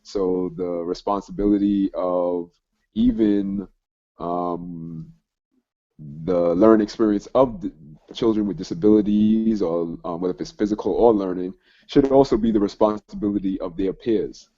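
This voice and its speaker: A man hosting a conference call interview, speaking haltingly with many fillers and restarts. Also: low-pitched, expressive, warm tone. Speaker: host. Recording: muffled call audio.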